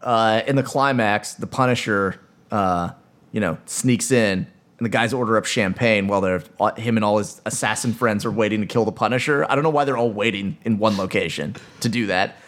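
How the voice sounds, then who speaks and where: A man's voice: fairly low pitch, a little fast, a bit bright. A man co-hosting a podcast in casual chat. He talks loosely, laughs a lot and mocks himself. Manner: laughs often, jokey and self-mocking. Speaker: podcast co-host.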